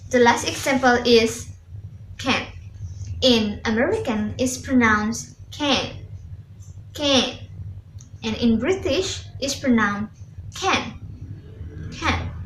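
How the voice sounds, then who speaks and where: A young woman walks through a class presentation on accents, explaining step by step and repeating each example word. Her delivery is slow and careful, and her voice sits a little high. The recording has an echoey room sound with faint background noise. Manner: slow, halting explanation with repeated demonstration words. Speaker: student presenter.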